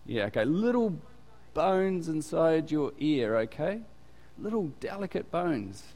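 With a fairly high, slightly mellow voice full of big pitch swings, a man preaches at a measured pace as pastor. His church sermon is conversational and chatty, and he repeatedly quizzes the congregation, waiting for them to answer. Long hall reverb fills the recording.

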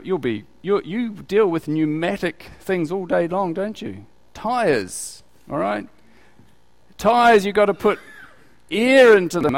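A man giving conversational Bible teaching as a preacher, often asking his listeners questions. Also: on the high side. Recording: reverberant hall.

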